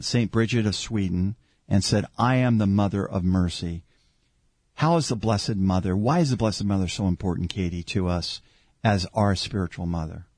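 A man's voice: fairly low pitch, dry recording. A man hosting a Christian talk show, preaching with fervor and asking guests questions. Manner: fervent, builds to shouted praise. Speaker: host.

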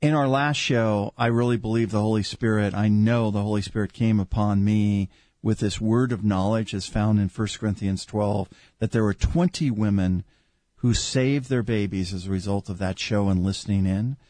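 A man's voice: lowish voice, normal speed, darkish tone, dry recording. A man hosting a religious talk show as a deacon, speaking in an earnest, preacherly way. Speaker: host and deacon.

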